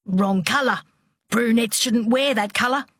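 A woman's voice: on the high side, unhurried, fairly bright tone, slight background noise, voice pushed up. A woman voicing a cocky young working-class man, shy and rude at once, who talks in brash, offhand slang.

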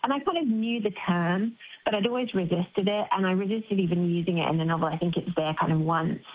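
New woman, author guest, chatty, husky voice, phone-line sound. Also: on the low side, a little fast. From New Zealand. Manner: chatty, laughing, lively asides. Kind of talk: radio interview.

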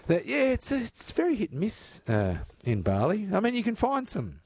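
A man's voice: high voice, huge pitch swings, normal speed, a little mellow, breathy edge. An Australian man hosting a talkback radio show, chatting with callers and reading out listener messages. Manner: chatty, reads listener texts aloud.

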